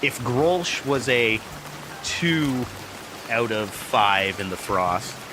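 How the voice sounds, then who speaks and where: Speaking extremely slowly in an expressive, mid-range voice, a middle-aged vlogger rambles casually about a beer, with hesitant restarts. He's recording outdoors in heavy rain on a small camera mic, so loud rain and background noise run throughout.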